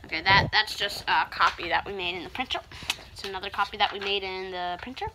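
A woman's voice: mid-range voice, steady tone, fast talker, very noisy. A young female channel host reading homemade comics aloud in a casual, playful way, slipping into loose character voices.

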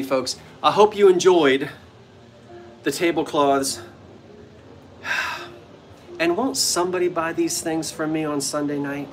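Chatty man hosting a playful live sale. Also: a little high. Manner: chatty and playful, joking with viewers. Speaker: vintage shop owner hosting a live sale stream. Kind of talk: casual live-stream chat. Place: front porch of an old bungalow at sunset.

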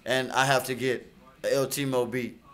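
A man's voice: medium pitch, level tone, normal speed, fairly bright tone. A man co-hosting a casual studio chat, boastful and playful as he hypes his own project. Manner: boastful, playful hype talk. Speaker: recording artist co-host.

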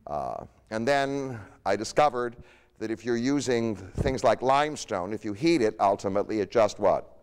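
A man's voice: on the low side, animated, moderate pace, smooth, long reverb tail. A man giving a history lecture in a conversational way, often tossing rhetorical questions to his audience.

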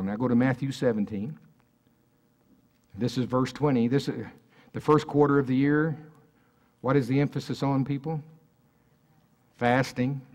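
A man preaching to a congregation in a loose, conversational way. He talks at a mid-range pitch and keeps turning to the room with questions. It is recorded at a live church service. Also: a little mellow. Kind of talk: sermon.

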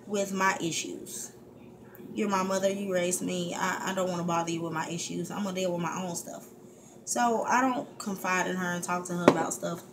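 A woman vlogger venting candidly to her viewers, frustrated and heated, talking in fits and restarts at home. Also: mid-range voice. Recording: steady background hiss.

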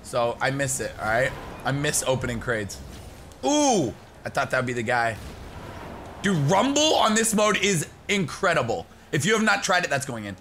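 A young man giving excited live gameplay commentary, shouting and laughing as he plays and chats to viewers. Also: mid-range voice, normal speed, slight background noise. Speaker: gaming YouTuber.

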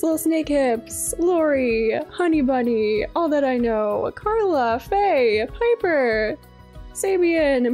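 A woman's voice: high voice, darkish tone. A young woman streaming a game live, gushing and greeting her viewers one by one.

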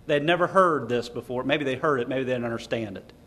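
A man's voice: medium pitch, fast talker, fairly bright tone. A man preaching a sermon at a lecture series, emphatic, asking the audience rhetorical questions and quoting scripture. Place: lecture hall.

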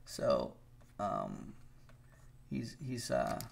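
A middle-aged animator streams live, chatting casually and rambling as he draws, greeting viewers by name and teasing them. His bass voice is gravelly and very slow, with huge pitch swings, and there's a little hiss or hum.

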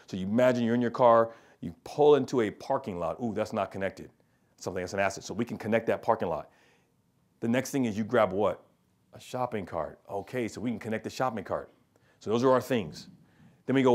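A man's voice: lowish voice, lively intonation, fairly quick. A middle-aged man giving a business presentation to students, telling stories and asking the audience rhetorical questions. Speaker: keynote speaker and consultant.

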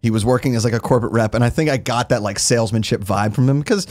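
Fast-talking man guest, rambling stories. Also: medium pitch, darkish tone. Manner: laughing, rambling storyteller. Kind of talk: casual chat.

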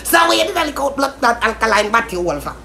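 Loud Jamaican woman ranting. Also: fairly high pitch, very animated, fast talker, creaky. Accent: Jamaican Patois. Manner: loud, cursing, taunting, mocking. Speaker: social media commentator. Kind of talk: heated social media rant. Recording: echoey room with faint noise.

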